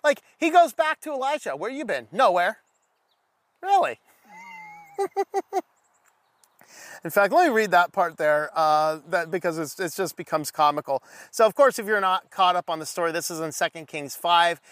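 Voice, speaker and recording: A man's voice: high voice, moderate pace, dry recording. A man teaching a casual Bible study, reading scripture aloud and acting out the dialogue with jokes. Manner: animated, joking, reads scripture aloud, acts out dialogue.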